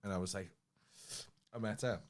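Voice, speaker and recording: A man's voice: fairly low pitch, steady tone, moderate pace. A young man, co-hosting a casual podcast and telling rambling, sweary anecdotes. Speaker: podcast co-host. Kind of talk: casual chat, storytelling.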